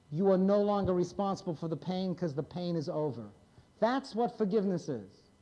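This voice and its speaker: A psychiatrist in his fifties lectures a live audience in a mellow voice that sits high. His delivery is blunt and wry, and he prods the crowd with questions.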